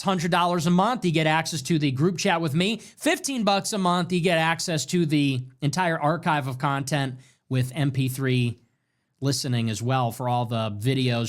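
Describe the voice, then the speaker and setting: Animated man hosting a ranting talk show. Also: fairly high pitch. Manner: animated, swings between loud bursts and muttered asides. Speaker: show host.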